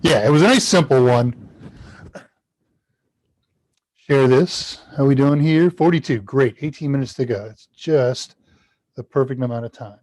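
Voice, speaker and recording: A man's voice: mid-range voice, a little slow, pauses often, a little mellow, no room sound. Chatty man live-streaming a tech Q&A. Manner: rambling, chatty, talks to chat while working. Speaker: tech instructor hosting a live Q&A. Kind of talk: casual live-stream teaching. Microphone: desk mic at a computer, level jumps as he leans away.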